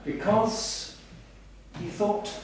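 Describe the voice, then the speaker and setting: A man's voice: high voice, steady tone, drawn-out words, a little mellow, slight background noise. A man playing a pompous, boastful male language professor in a stage comedy sketch, heard from far off in an echoey hall. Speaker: comic stage performer.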